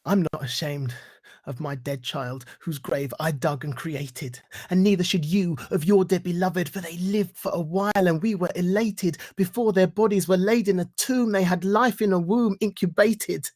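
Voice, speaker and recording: A man giving a reflective talk and reciting spoken-word poetry in an earnest, rhythmic way with deliberate pauses. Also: high voice, a little mellow. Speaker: guest speaker.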